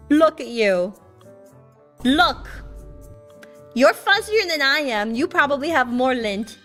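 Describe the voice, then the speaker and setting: A woman's voice: high voice, animated, a little slow, pauses often, a bit bright, soft background music. A young woman streamer chatting casually with viewers, playful and teasing as she tells stories.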